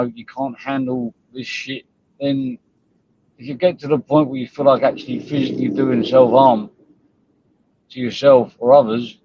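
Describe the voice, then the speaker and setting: A man hosting a live stream, ranting bluntly and scornfully at viewers and rivals, with frequent swearing. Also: medium pitch. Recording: dull lo-fi stream audio.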